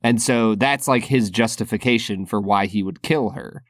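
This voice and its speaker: A man's voice: fairly low pitch, normal speed, no echo, studio quality. A man co-hosting a podcast, talking casually and thoughtfully about a film and laughing often. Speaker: podcast co-host.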